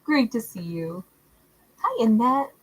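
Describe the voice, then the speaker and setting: A woman hosting a livestream, greeting viewers by name in a warm, affectionate, chatty way and laughing often. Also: fairly high pitch, very animated, slow, slightly rough, poor audio. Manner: warm, affectionate, calls viewers love and honey. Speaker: tarot livestream host. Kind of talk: casual livestream chat reading out viewer comments.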